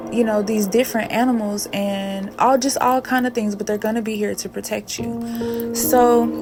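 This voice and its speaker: Woman, personal storytime narration, slow unhurried delivery, emphatic asides to the listener, music in the background. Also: mid-range voice.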